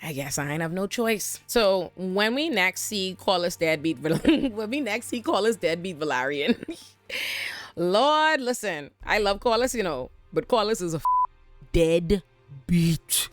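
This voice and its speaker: A woman's voice: fairly low pitch, expressive, measured pace, no echo, soft background music. A woman casually recapping a TV episode, retelling scenes and acting out characters' lines with big jumps in her voice. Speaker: TV recap host.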